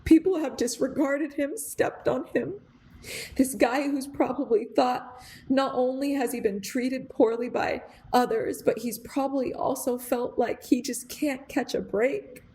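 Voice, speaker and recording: Speaking at a measured pace in a high-pitched, mellow voice over slight background noise, a young adult podcast host delivers a reflective storytelling monologue. It's earnest and rambling, packed with fillers and restarts, and she gets emotional, close to crying.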